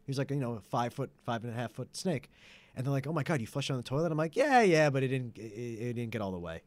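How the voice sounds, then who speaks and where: A man telling funny stories in casual comedic chat, with deadpan fibs and laughter at his own jokes. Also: medium pitch, fast, dry recording. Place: studio.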